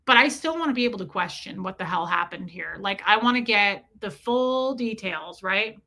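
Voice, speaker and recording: A woman telling a story on a casual livestream, chatty and animated, who breaks off to greet her chat and says "like" constantly. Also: medium pitch, moderate pace. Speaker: streamer and parent.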